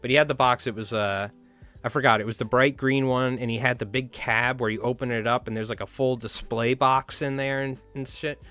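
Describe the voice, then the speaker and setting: A man's voice: medium pitch, fairly even intonation, fairly quick, sharp tone, soft background music. A man hosting a casual fly tying livestream who chats with viewers, rambles from one story to the next and swears freely.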